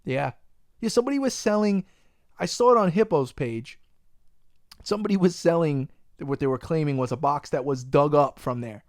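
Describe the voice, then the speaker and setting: A young man hosting a podcast, animated and profane, ranting in casual chat. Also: a little high, normal speed, no room sound, clean studio sound. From Long Island, New York. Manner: profane, animated ranting, says "bro" a lot. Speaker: podcast host.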